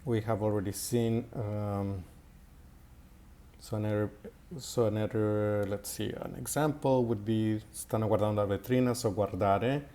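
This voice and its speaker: A man teaching an Italian grammar lesson in a slow, halting way, with many fillers and repeated words. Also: fairly low pitch, fairly even intonation, warm tone. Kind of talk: recorded language lesson.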